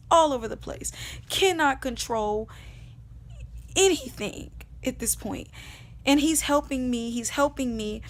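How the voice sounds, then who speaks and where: Woman, young adult, higher pitch, earnest, emotional, repetitive, personal testimony vlog. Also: unhurried. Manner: earnest, emotional, repeats phrases, drops to a hush at times. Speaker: vlogger sharing her testimony. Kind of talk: personal storytelling.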